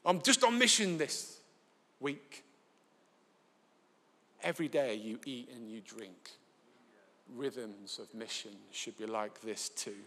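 A man's voice: mid-range voice, takes it slowly, long pauses. A man with a Northern English accent preaching a sermon live in a large church, telling stories and acting out the dialogue. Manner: lively storytelling, acts out dialogue. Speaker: pastor. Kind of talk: sermon with anecdotes. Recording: long hall reverb.

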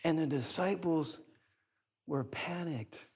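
A middle-aged male pastor preaching a sermon, telling a story with big jumps up in pitch when excited and dropping quiet for serious points. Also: takes it slowly, slight background noise. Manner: animated storytelling, voice leaping high when excited.

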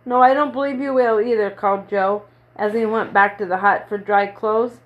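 A woman's voice: mid-range voice, fairly even intonation, moderate pace, highs cut off. A woman reading a children's chapter book aloud, lifting her voice a little for the children's lines. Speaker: storybook reader.

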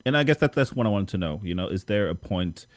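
A young man with a very low voice hosts a podcast, thinking aloud and stumbling over repeated words. The recording is dry and close, with no room sound. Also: animated, fast, no room sound. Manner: thoughtful, hesitant, repeats words. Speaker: podcast host. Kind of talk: casual conversation.

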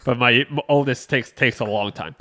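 A man's voice: mid-range voice, normal speed, bright, forceful tone, a little hiss or hum. A man, a father and co-host, candidly telling a story about his kids in casual chat, laughing at himself.

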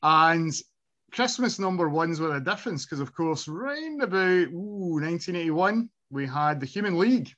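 A man's voice: fairly high pitch, lively intonation, moderate pace, sharp tone. Chatty middle-aged man, lo-fi. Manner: chatty, reminiscing, laughs often. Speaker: podcast host. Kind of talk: casual nostalgic chat.

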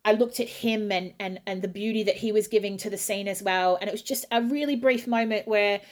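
An Australian woman in middle age, an opera singer talking casually in an interview, telling a lively story and acting out her own quotes. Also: medium pitch, brisk.

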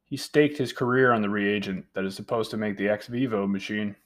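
A man's voice: fairly low pitch, fairly quick, lightly acted. A man doing a tired, hesitant young researcher. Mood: casual.

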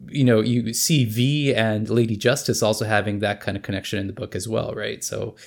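A man in a casual book discussion, talking haltingly with many fillers and restarts. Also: lowish voice, fairly even intonation, gravelly.

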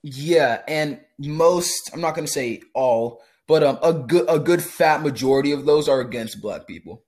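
A man's voice: on the high side, moderate pace, darkish tone. A man in a casual chat while playing a game, joking, teasing and swearing a lot. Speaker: co-host.

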